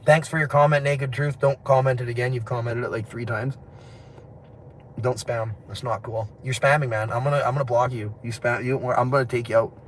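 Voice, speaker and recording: Streaming live on his phone outdoors in the city, a man drifts between thoughts, laughing often and cursing casually. His voice is mid-range, steady and a little fast, and faint street noise lies under it.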